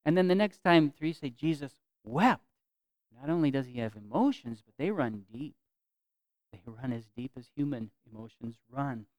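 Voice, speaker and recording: A man preaching a sermon as pastor, earnest, repeating phrases for emphasis and swinging from loud to soft. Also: mid-range voice, a little fast, no echo.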